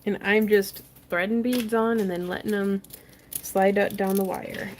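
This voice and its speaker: A woman's voice: medium pitch, fairly even intonation, measured pace, slight background noise. Chatty crafting woman hosting a livestream. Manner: chatty, laughs often, reads viewer comments aloud. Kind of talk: casual craft tutorial livestream chat.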